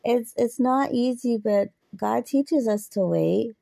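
Woman in her thirties, unhurried, gravelly, mellow tone, dry close sound, earnest faith talk. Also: on the high side, no room sound. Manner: earnest, chatty, laughs often. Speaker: podcaster.

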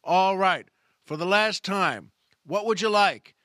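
A man puts on a huffy young waitress. Her voice rides a little higher and keeps to a bright, clipped edge. She sounds like someone whose patience is wearing thin, and the sound is close and dry. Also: lively intonation, normal speed, no echo. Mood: fed up. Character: irritated young waitress, a woman.

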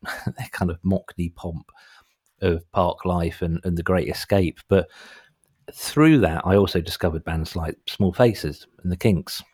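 A man's voice: low-pitched, unhurried, a little mellow, slightly rough. A man in his forties co-hosting a podcast, chatting casually and rambling, self-deprecating, now and then slipping into mock voices. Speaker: podcast co-host. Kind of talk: casual chat. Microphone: headphones, home mic.

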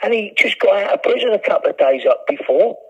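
A man's voice: sits high, animated, fast talker, slightly rough. An older man, a prisoner ranting with heavy swearing in a recorded phone call. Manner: profane, ranting, aggrieved. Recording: muffled prison phone line.

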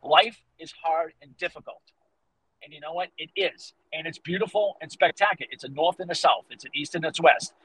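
A husky-voiced man in his fifties with a Boston accent, talking quickly and with energy. He tells stories on a podcast, slipping into the voices of the people he quotes, and drives home motivational points. His voice sits a little high for a man. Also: rough recording. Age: 50s. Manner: animated storyteller, acts out quotes, motivational. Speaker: guest fitness coach. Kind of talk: casual podcast conversation.

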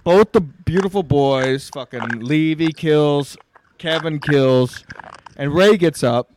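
A man's voice: a little high, takes it slowly, darkish tone, slight background noise. A man co-hosting a podcast, swearing and laughing through rowdy casual banter. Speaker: podcast co-host.

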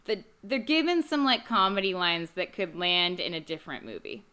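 A woman's voice: on the low side, animated, normal speed, bright, forceful tone, smooth. A woman co-hosting a casual movie-review podcast, wry and chatty, often laughing. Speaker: podcast co-host.

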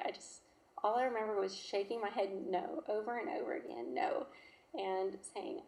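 Woman in her thirties, personal testimony, halting and emotional, roomy echo. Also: mid-range voice, fairly even intonation, darkish tone. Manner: emotional, halting, with fillers and restarts. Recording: echoey room.

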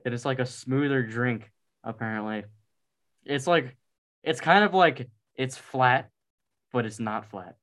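A young man bantering with a friend, tossing out silly theories and laughing as he goes. His voice sits at an ordinary middle pitch in an easygoing chat. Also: unhurried, long pauses, a bit bright. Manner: joking, laughs often, says bro. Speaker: friend in conversation. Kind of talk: casual chat.

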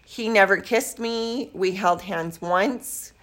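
A woman's voice: mid-range voice, takes it slowly. An older grandmother in a casual interview, telling stories from her youth and acting out bits of dialogue. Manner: lively storyteller who acts out quoted dialogue.

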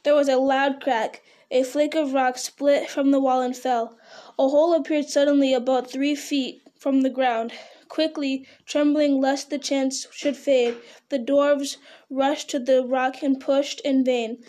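High, mellow-voiced woman reading a story aloud. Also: little pitch movement, measured pace. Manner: unpolished reading with frequent slips and restarts. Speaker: reader.

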